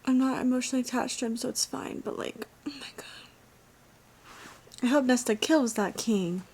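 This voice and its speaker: A young woman vlogging her reactions to a fantasy series, excitable and often dropping to a whisper. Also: high voice, moderate pace, husky. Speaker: book vlogger. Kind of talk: casual reading reactions. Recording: faint background noise.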